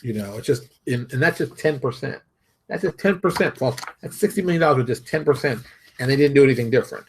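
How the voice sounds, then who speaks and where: A man's voice: medium pitch, lively intonation, quick pace, slight background noise. A man hosting a solo opinion show, talking emphatically, repeating his points and restarting sentences as he goes. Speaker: host and game publisher.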